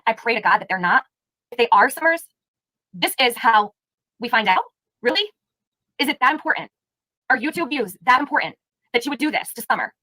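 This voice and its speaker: A woman's voice: a little high, pushed and bright, no room sound, poor audio. A woman hosting a live stream, giving heated, indignant commentary and firing rhetorical questions at her chat. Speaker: livestream host.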